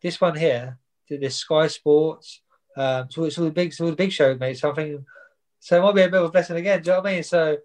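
A man's voice: a little high, quick pace, darkish tone, rough recording. A young man, a boxer chatting casually in an interview and rambling with plenty of fillers and repeats. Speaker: boxer guest. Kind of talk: casual chat.

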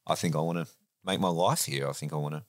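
Deep-voiced, laid-back Australian man spinning a long, meandering yarn as a podcast guest. He talks loosely and swears and chuckles often. His voice sits very low. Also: fast talker, no echo, clean studio sound. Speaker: podcast guest, racing driver. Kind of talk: casual storytelling chat.

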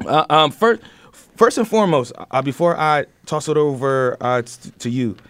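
A man's voice: on the high side, expressive, normal speed, fairly bright tone, clear, resonant tone, no room sound. A man hosting a news podcast, reading stories and then chatting about them with many fillers and restarts. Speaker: podcast host.

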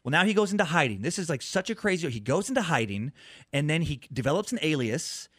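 A comedian and podcaster guest telling a story in a rambling way, restarting and repeating words. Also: male voice, fairly high pitch, big pitch swings, fast talker, a bit bright, dry recording, clean studio sound. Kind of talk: animated true-crime storytelling.

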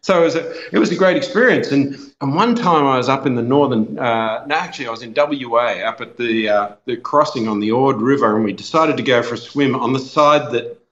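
A man's voice: mid-range voice, brisk, few pauses, a bit bright, echoey room, lo-fi sound. A man in his fifties with an Australian accent, a guest chatting in a radio interview, rambling with many restarts. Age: 50s. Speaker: guest, children's entertainer. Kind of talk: casual radio interview chat.

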